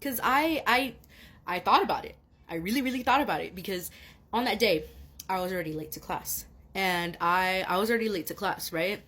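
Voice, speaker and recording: A woman's voice: medium pitch, a little fast, a bit bright, slightly rough. A young woman student telling a story to the camera in a casual, rambling way, with lots of fillers and swearing, getting heated. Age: young adult.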